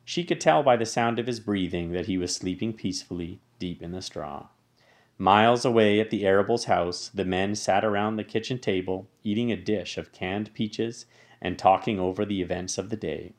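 A man reading a children's story aloud as its narrator, in a steady, even storytelling manner. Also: fairly low pitch, normal speed. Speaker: audiobook narrator.

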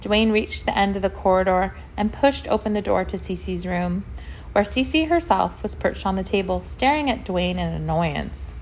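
Gentle woman reading a children's story. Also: medium pitch, normal speed, a little hiss or hum. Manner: gentle, expressive, chatty asides.

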